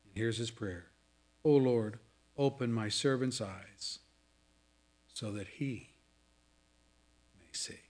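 A man preaching a sermon, swinging between loud dramatic scripture reading and hushed asides. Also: medium pitch. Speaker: pastor. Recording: audio of a sermon.

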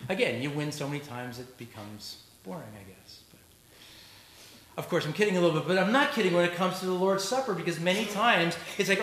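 A man's voice: high-pitched, expressive, brisk, fairly bright tone. A male pastor preaching a sermon in a church. He talks in a conversational way and makes joking asides to the congregation. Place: church sanctuary. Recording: echoey church recording with faint noise.

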